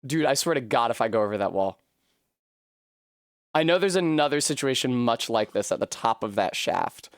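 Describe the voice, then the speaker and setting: A woman's voice: lively intonation, normal speed, dry recording, clean studio sound. Profane rambling woman game streamer. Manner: profane, rambling, bursts into high yelps and shrieks when failing. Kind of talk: casual live-stream commentary while gaming.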